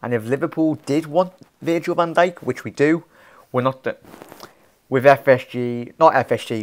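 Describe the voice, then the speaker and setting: A young man hosts a relaxed fan channel stream, going through viewer comments in a rambling way with many laughs and restarts, calling viewers fella and mate. His voice is mid-range, and he talks at a moderate pace.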